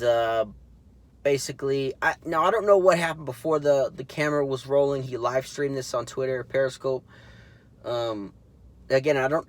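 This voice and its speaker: A man hosting his own political commentary show, talking casually and indignantly with lots of fillers and restarts. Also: mid-range voice. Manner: rambling, full of fillers and restarts; indignant, mocking.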